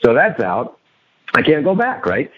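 A man's voice: mid-range voice, huge pitch swings, measured pace, muffled recording. A man telling a story on an interview show and acting out his own lines, a coach and author as guest.

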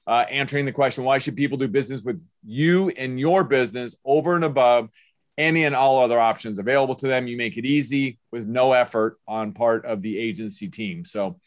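A man's voice: mid-range voice, brisk, no echo. An older man hosting a podcast, upbeat and motivational, fond of wordplay. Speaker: podcast host. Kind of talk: casual podcast interview.

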